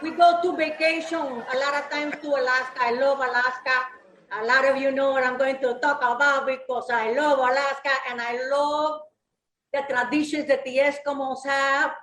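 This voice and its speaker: Woman as a very high flirty Mrs. Claus, bubbly and loud, echoey room. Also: fairly even intonation, moderate pace, a little hiss or hum. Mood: storytelling. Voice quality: loud, bubbly, laughing through lines. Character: brassy, flirty Mrs. Claus with a Latin flair. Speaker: roast guest. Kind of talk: live comedy roast bit.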